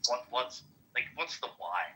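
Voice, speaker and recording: A man's voice: medium pitch, expressive, measured pace, bright, forceful tone, rough recording. A man calling into a live audio chat, heckling in a crude, mocking way. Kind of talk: heated casual chat.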